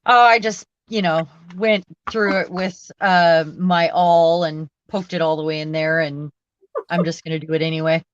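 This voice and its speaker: A woman's voice: on the low side, steady tone, normal speed, clear, resonant tone, no room sound. A woman chatting casually and teasing her co-host while she works on a craft project. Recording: dull dry lo-fi sound.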